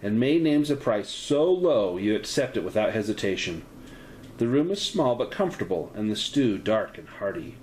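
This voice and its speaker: A man narrating a solo tabletop horror game as game master, describing each scene and offering a player her choices. His pitch rises and falls a lot, and faint noise hangs under his voice. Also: sing-song, normal speed, darkish tone, poor audio.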